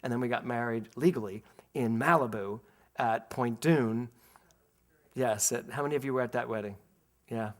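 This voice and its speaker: This sermon comes from a Philadelphia minister, a middle-aged man whose voice sits in the mid range. An animated storyteller, he laughs his way through personal anecdotes but turns slow and quiet when he emphasizes spiritual points.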